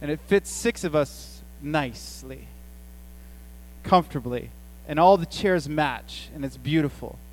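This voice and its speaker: A man's voice: on the high side, measured pace, a little hiss or hum, poor audio. Chatty storytelling pastor, man. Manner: chatty, storytelling, animated asides. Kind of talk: sermon.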